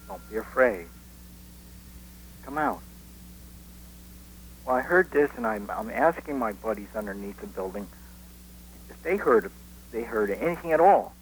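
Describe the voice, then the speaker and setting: A man who witnessed an event, recalling it haltingly with many restarts as a guest on a radio interview. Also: lowish voice, animated, a little hiss or hum, low-quality recording. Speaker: eyewitness guest.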